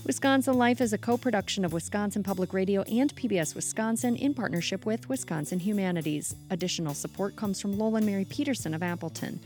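A woman radio producer presenting a segment in measured, clear scripted broadcast narration. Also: mid-range voice, a little mellow, soft background music.

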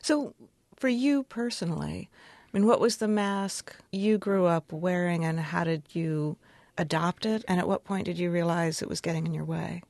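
A woman hosts an interview and asks calm, probing questions. Her voice sits low for a woman. The recording is dry and close. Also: moderate pace, no echo.

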